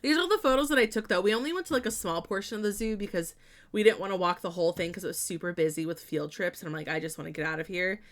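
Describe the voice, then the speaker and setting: A woman's voice: mid-range voice, very fast. A young woman streaming a building game, chatting casually with lots of fillers and giggles.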